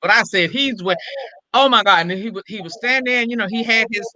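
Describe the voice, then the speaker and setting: Older woman, sharp forceful voice, animated storyteller, acts out quotes, dry close sound. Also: medium pitch, fast talker, no echo, poor audio. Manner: acts out quoted dialogue with lively shifts in voice. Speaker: comedian and impressionist, guest.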